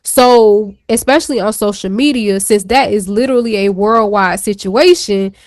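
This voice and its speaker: A woman talks candidly on a talk show, rambling through a personal story with easy slang and frank asides. Her voice sits at an ordinary middle pitch. It is recorded dry and close, with no room sound. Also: normal speed, dry recording. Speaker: show co-host. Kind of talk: casual chat.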